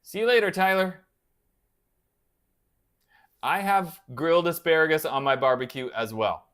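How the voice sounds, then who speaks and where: A man's voice: fairly high pitch, a little slow, a bit bright, clear, resonant tone. A man hosting a casual livestream, chatting and answering viewer comments aloud in a playful, self-deprecating way. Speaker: livestream host of a guitar channel. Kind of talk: casual live-chat banter.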